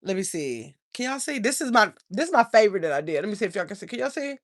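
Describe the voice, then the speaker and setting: A woman's voice: mid-range voice, sing-song, quick pace. Chatty older woman on a livestream. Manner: chatty, rambling, addresses viewers as y'all. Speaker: channel host. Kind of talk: casual livestream chat.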